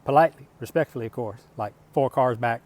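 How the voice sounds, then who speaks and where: Middle-aged male vlogger, mid-pitched, rambling and profane, storytelling straight to the camera. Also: fast, a little mellow. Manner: conversational, asks rhetorical questions. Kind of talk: casual storytelling monologue.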